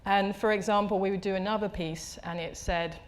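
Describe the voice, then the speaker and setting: A woman's voice: mid-range voice, steady tone, fairly quick. A woman in her thirties speaks as an artist guest on a live talk stage. She tells her stories reflectively, often restarting and repeating her words, and acts out the voices she quotes. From England. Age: 30s. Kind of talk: conversational storytelling at a live talk.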